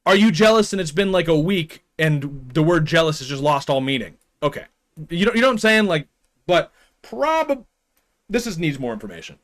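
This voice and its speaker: A man with a high voice that swings widely up and down chats casually on a live stream. He is opinionated and rambling, and he laughs often between points. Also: animated, normal speed, fairly bright tone.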